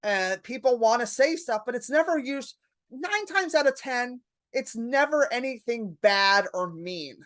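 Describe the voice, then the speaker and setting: A woman's voice: a little high, lively intonation, a little slow, a bit bright. A woman in her fifties, a comedian guest on a podcast, telling stories in a brash, profane, casual way.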